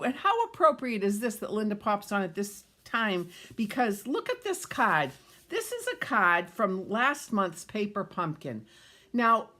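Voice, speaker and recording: A woman's voice: mid-range voice, pushed and bright. A middle-aged woman chatting casually as she shows handmade cards on a livestream, rambling and greeting viewers by name. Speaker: card-making livestream host.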